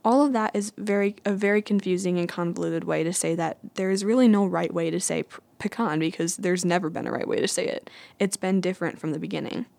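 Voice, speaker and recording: A woman's voice: on the low side, fast, gravelly, a little mellow, dry recording. A woman vlogging in a chatty, playful, self-mocking way. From United States. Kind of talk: casual chat.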